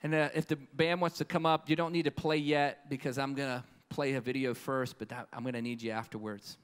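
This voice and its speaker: A man preaching a live conference sermon, swinging passionately between hushed tones and booming declarations. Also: level tone, brisk, smooth. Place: conference stage before a crowd.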